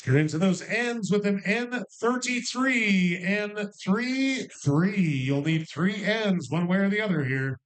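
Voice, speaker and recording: A man calling bingo numbers with playful rhymes and jokes, repeating each number slowly. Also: high-pitched, animated, a bit bright. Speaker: bingo caller.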